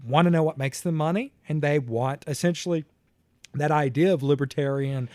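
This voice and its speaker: A man from the American South with a Southern accent, a podcast guest talking politics in animated bursts. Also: on the high side, normal speed, no echo. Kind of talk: casual political chat.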